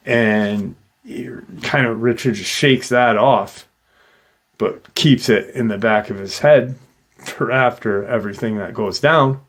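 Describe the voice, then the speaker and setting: A middle-aged man slowly retelling a witness's eerie encounter in a casual, halting way, with many fillers. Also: medium pitch. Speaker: host retelling a witness account. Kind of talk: casual storytelling.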